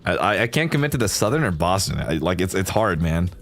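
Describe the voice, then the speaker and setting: A man's voice: low-pitched, sing-song, quick pace, fairly bright tone, soft background music. A male streamer talking over a game, swearing freely and laughing at his own voice attempts.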